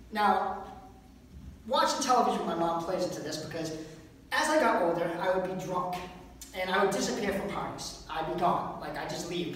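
A man doing a rambling stand-up comedy set at a fundraiser, breaking into high squeaky impressions and little sung bits. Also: fairly bright tone, slight background noise. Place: event room at a fundraiser. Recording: roomy hall, mic far off.

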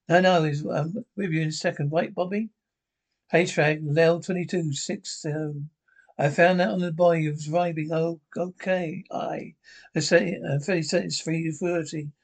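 An older man with a Scottish accent in bantering, grumbling sitcom dialogue, quick to swear. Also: on the high side.

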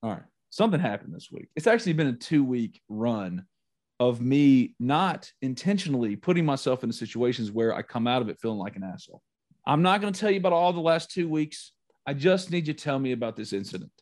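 A middle-aged man hosting a casual sports podcast, telling stories animatedly with dramatic, shouted re-enactments. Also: mid-range voice, sing-song, fairly quick. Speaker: podcast host.

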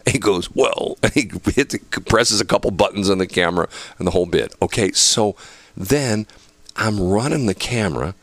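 Gravelly low-voiced man telling stories. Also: moderate pace, dry recording. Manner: animated, laughs through his stories, acts out other people's lines. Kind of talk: casual storytelling chat.

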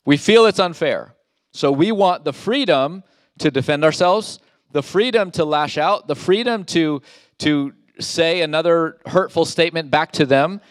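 A man's voice: fairly high pitch, a little slow, clear, resonant tone, no echo, studio quality. Emphatic male pastor preaching. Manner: emphatic, rhetorical questions, reads scripture aloud. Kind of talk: sermon.

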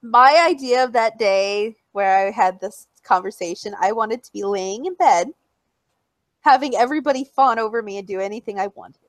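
A woman's voice: medium pitch, moderate pace, dry recording, rough recording. A woman co-hosting a casual chat, bubbly and outspoken, who swears now and then and squeals when she quotes people. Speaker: podcast co-host.

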